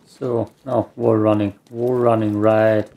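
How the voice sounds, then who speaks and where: A man's voice: lowish voice, little pitch movement, slow pace, creaky, lo-fi sound. A man with a German accent, a native German speaker, giving rambling, self-mocking let's play commentary and cursing at the game. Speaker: gamer.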